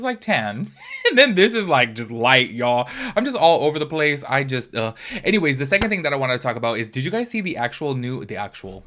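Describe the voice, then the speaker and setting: A young man from California chatting animatedly in a casual beauty commentary vlog. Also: mid-range voice. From California, United States. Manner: chatty and animated, lots of fillers like "y'all".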